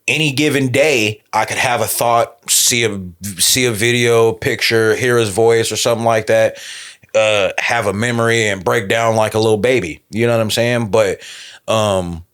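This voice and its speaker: A man's voice: on the low side, steady tone, moderate pace, a bit bright, smooth. A man guesting on a podcast, telling a personal story in a laid-back way with lots of fillers. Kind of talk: casual interview talk.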